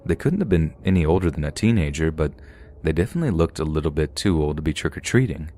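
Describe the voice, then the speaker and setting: A man reading a first-person horror story as scripted narration, telling it steadily and slowing down at the tense moments. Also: rumbling low, lively intonation, mellow.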